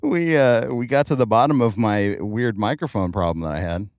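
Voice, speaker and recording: A middle-aged man hosting a casual podcast chat in a car, joking and excitable, with many fillers. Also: fairly low pitch, moderate pace, dry recording, clean studio sound. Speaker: podcast host. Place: in a car in traffic.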